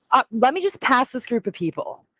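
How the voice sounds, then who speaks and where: A woman's voice: on the high side, a bit bright, no room sound, low-quality recording. Shy, laughing woman on the street. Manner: self-conscious, laughing, hesitant. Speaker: contestant on a live show. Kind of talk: live phone call from the street. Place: outdoors on a rainy city street.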